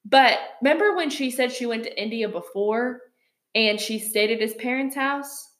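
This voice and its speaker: Woman co-host tossing in short replies, a bit high-pitched, echoey room. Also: moderate pace, fairly bright tone. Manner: short interjections and agreeing replies. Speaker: podcast co-host. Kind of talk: casual chat.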